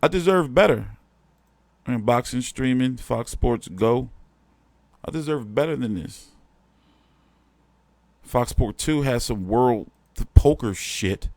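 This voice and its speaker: A man's voice: mid-range voice, animated, slow, long pauses, a little mellow, no echo. Profane, exasperated man ranting dry. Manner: slangy street talk. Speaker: boxing show host. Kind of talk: casual live-stream rant.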